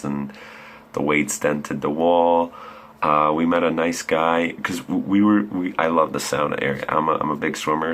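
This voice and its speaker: A man's voice: extremely low pitch, a bit bright, a little hiss or hum. A young man in his late teens telling a rambling, profane story in a laid-back way. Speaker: vlogger. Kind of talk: casual storytelling.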